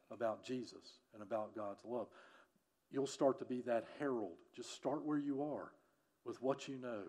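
A man preaching a sermon as a pastor, telling a story earnestly and often dropping to a hushed voice. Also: mid-range voice.

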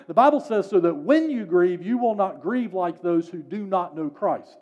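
A male pastor preaching a sermon and reading scripture aloud, pressing key words with emphasis, then letting the ends of his lines fall soft and low. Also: animated, a little slow, few pauses, muffled recording.

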